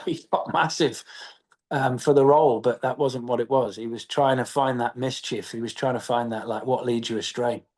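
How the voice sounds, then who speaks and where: A man from England, an actor, talking casually in an interview, animated, with many fillers and restarts. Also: mid-range voice. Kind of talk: press junket interview.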